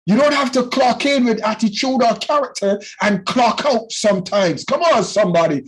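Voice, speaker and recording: A man teaching a youth class in a loud, passionate preaching style, often calling out to his listeners. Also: extremely high pitch, lively intonation, moderate pace, slightly rough, low-quality recording. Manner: loud and passionate, with call-and-response phrases.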